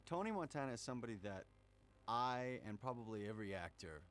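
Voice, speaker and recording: A man, a voice actor, reflecting thoughtfully in an interview about playing a role and growing animated when he demonstrates it. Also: medium pitch, quick pace.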